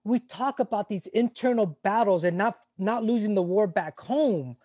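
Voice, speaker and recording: Retired Navy corpsman in his 40s, interview guest; mellow, raised male voice, candid and profane, halting delivery. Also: high voice, no room sound. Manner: frank and emotional, swears freely, halting restarts. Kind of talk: candid conversational storytelling.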